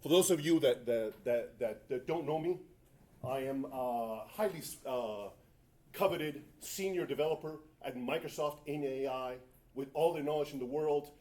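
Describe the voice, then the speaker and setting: A man's voice: mid-range voice, moderate pace, darkish tone. A man giving a tech talk at a conference, rambling and self-mocking with jokey asides. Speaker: conference presenter. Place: conference room.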